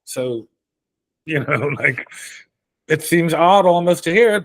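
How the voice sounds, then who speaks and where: A man with a Dublin Irish accent, a career coach talking as a guest in a casual interview, telling stories in an animated way and often laughing. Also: a little high, takes it slowly, dry recording. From Ireland.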